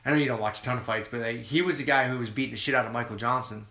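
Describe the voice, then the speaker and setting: A man chatting on a podcast in a casual, profane, excited ramble. His voice is bright and forceful, and the room has a noticeable echo. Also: medium pitch, rapid-fire. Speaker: podcast co-host. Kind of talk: casual chat.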